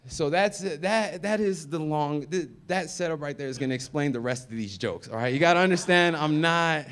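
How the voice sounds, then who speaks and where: A man in his thirties doing a stand-up comedy set. He tells stories and acts out the other people in them, swinging between loud and soft. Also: fairly high pitch, normal speed. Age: 30s.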